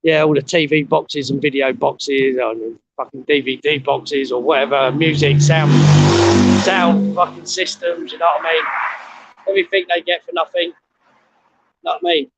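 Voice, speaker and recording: A man's voice: fairly high pitch, steady tone, moderate pace, fairly bright tone, no echo, low-quality recording. A middle-aged man out of breath, talking casually and bluntly with lots of swearing while walking up a steep hill outdoors, recorded on a handheld phone. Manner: blunt, swears a lot, rambling. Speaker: vlogger.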